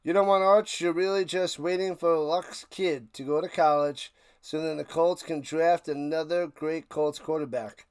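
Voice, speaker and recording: A man hosting a live football reaction stream, ranting sarcastically and calling plays, swinging between muttering and loud outbursts. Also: a little high, steady tone, normal speed, few pauses, smooth, no room sound, studio quality. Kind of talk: live sports reaction and play-by-play.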